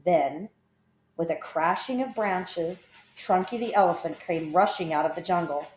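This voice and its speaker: Expressive woman reading a children's story. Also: fairly low pitch, unhurried, slight background noise. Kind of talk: children's story read aloud. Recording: roomy echo.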